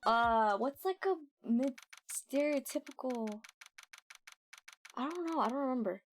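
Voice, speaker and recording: A woman streamer chats through a game in a giggly, excitable way. Her voice sits fairly high. Faint music plays behind. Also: unhurried. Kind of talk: casual let's-play commentary.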